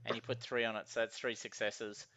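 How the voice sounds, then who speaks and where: Rambling game master man, bright dry voice. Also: mid-range voice, level tone, fairly quick, no echo. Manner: rambling, filler-heavy narration. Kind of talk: narrating a tabletop game.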